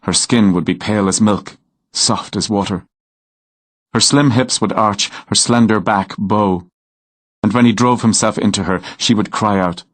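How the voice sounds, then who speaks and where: A man narrating a romance novel in a measured, unhurried storytelling manner. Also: lowish voice, a bit bright, dry recording. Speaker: audiobook narrator.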